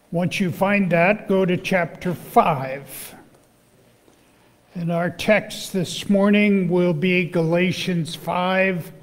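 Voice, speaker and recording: A male pastor, hoarse from losing his voice, speaks slowly and deliberately from the pulpit with a fairly high pitch for a man. Pauses and small fillers break up his announcements and scripture reading. A long reverb from the church hall trails behind each phrase. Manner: slow, measured, pausing with fillers. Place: church sanctuary.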